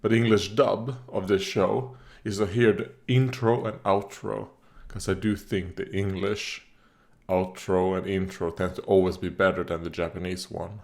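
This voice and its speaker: A man with a lowish voice rambles through a casual reaction video. He fills his talk with "uh" and "like", coughs here and there, and tosses remarks straight at the screen. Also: fairly even intonation, moderate pace, vocal fry, darkish tone. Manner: rambling, talks back at the screen; frequent fillers and coughs. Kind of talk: casual commentary while watching.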